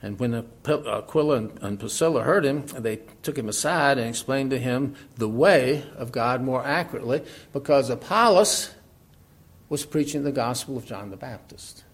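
A middle-aged man preaching in a relaxed, conversational way, laughing often and asking rhetorical questions. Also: mid-range voice, normal speed, husky. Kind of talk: sermon.

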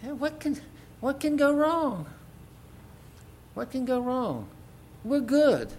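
A man's voice: extremely high pitch, sing-song, slow, a little hiss or hum, voice pushed up, full character voice. A man voicing smug, complacent townsfolk who brush off God in a carefree, dismissive way.

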